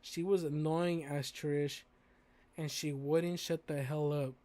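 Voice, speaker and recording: A man's voice: fairly high pitch, steady tone, slow pace, a little mellow. A man streaming a game, chatting casually and telling stories in slangy speech. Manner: slangy, storytelling, says "bro" and "dude". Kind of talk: casual chat while playing a game.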